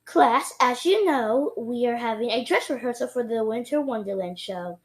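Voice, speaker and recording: Brief: woman voicing a calm female teacher, soft and measured, fairly high voice. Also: natural voice. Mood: gentle. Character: kind female schoolteacher, calm and patient.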